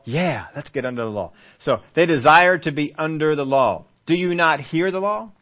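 A pastor with a medium-pitched voice, recorded with lo-fi sound, delivers a Bible-teaching sermon in a conversational way. He frequently poses questions to the congregation.

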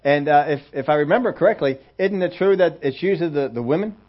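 A male pastor preaches in a chatty, folksy way and keeps acting out little scenes with humor. His voice sits a little high. The recording is dull and lo-fi. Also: lively intonation, fast talker. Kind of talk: conversational sermon.

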